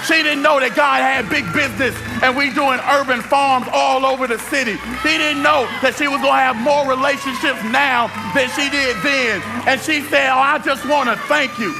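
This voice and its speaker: A man preaching an energetic sermon at a church service. He shouts, stretches his words for emphasis and speaks straight to the congregation. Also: extremely high pitch, normal speed, gravelly, few pauses, music in the background. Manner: addresses the congregation directly. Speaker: pastor.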